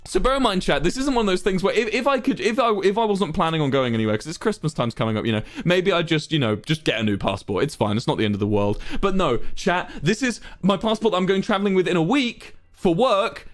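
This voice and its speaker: A man's voice: high-pitched, lively intonation, fast talker, hardly any pauses, faint music behind. A young man streaming, telling his chat a story as an exasperated, swearing rant. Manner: exasperated, swearing, building to outbursts.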